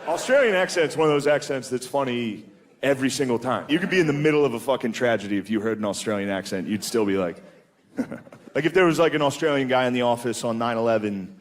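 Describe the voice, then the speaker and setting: A man's voice: mid-range voice, animated, fast. A man performing a crude stand-up routine on a comedy club stage, brash and laughing at his own jokes into a handheld mic. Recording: live set with clear background noise.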